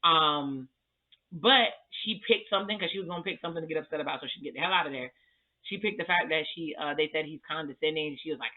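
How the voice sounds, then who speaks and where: A man's voice: on the high side, fast. Sassy man recapping TV, tinny sound. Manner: sassy, chatty, slangy. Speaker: TV recap vlogger. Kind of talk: casual reality TV recap.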